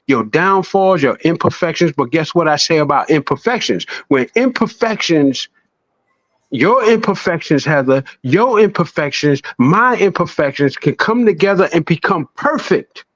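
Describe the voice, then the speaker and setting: A man in a casual podcast chat, swearing freely and preaching with animated storytelling. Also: on the high side, a little slow, no room sound, lo-fi sound.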